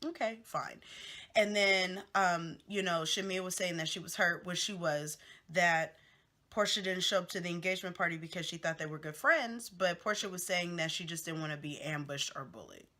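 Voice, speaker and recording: A woman's voice: fairly low pitch, normal speed, sharp tone. A woman hosting a casual gossip recap of a reality show, chatty and candid with lots of fillers and asides.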